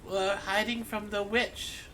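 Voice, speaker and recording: A man's voice: high voice, flat delivery, slow pace, pushed and bright, slight background noise, pitched above the performer's own voice, heavily acted. A man putting on a bossy young wood elf girl. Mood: hushed.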